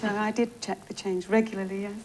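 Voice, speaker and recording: A woman's voice: medium pitch, level tone, fast talker, darkish tone, slight background noise. A chatty woman with a London East End accent, a guest on a television chat show. She laughs easily as she answers. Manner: chatty, laughs often, switches between accents.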